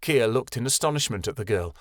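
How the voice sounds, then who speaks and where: Male audiobook narrator, mid-pitched, steady storytelling, dry close recording. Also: a little fast, dry recording. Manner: steady storytelling, voices every character. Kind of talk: scripted fantasy narration.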